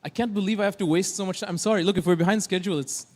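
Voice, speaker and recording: Guy mc-ing a tech conference, high voice, joking around with the crowd on stage. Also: rapid-fire, darkish tone. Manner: joking, playful, chatty. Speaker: conference emcee. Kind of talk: casual stage banter.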